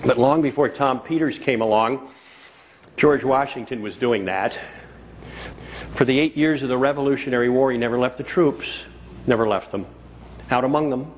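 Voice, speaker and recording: A man's voice: mid-range voice, moderate pace, pauses often, a little hiss or hum. A man giving a motivational keynote speech at a conference, telling stories and repeating key phrases for emphasis. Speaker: keynote speaker. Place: conference hall before a live audience.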